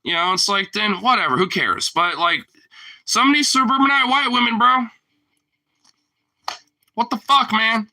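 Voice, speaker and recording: The recording is rough as a man rambles at a moderate pace, pausing often. His casual talk is slangy, profane, and full of fillers, alternating between loud outbursts and low mutters.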